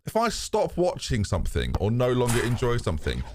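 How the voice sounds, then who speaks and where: A British live-stream host talks a little fast at medium pitch, his voice swooping wildly up and down. He chats to viewers in a rambling, candid way, swearing freely and laughing often, with some background noise.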